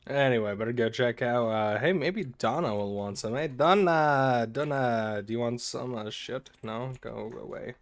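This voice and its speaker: A man's voice: mid-range voice, normal speed, few pauses. A young man doing let's play commentary, joking goofily and reading game text aloud. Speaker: gaming video creator.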